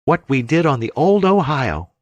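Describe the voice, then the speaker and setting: A man voicing a cheeky teenage fisher boy in an audiobook, quick and teasing. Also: on the high side, big pitch swings, highs cut off, voice pushed up.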